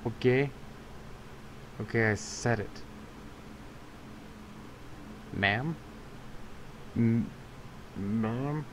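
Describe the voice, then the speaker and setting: Slow calm tech support guy, deadpan, bit of faint noise behind. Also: mid-range voice. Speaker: tech support agent in a prank call. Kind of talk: deadpan prank call role-play.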